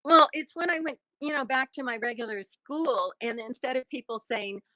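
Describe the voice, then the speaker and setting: Chatty laughing actress, bright voice. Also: female voice, sits high, moderate pace, dry recording. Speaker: actress and guest. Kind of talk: casual interview chat.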